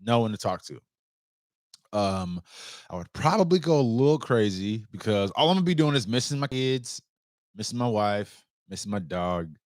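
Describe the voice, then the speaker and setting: A young man talks loosely to his camera and curses without a second thought. His pitch swings up and down a lot as he rambles. The sound is dry and close, with no room echo. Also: moderate pace. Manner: loose, animated, swears freely. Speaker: outdoor vlogger. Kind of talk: casual chat to camera.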